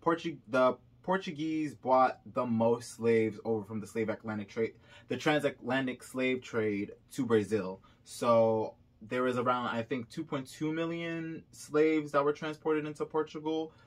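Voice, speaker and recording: A man's voice: medium pitch, unhurried. A young Haitian-American man vlogging casually, reading results aloud with chatty asides while a bit sick. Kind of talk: casual vlog reaction.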